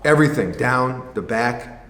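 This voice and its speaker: A sneaker vlog host jokes and restarts his sentences in a casual chat, his mid-range voice expressive and fairly bright at a measured pace. It rings out with long reverb in a roomy space.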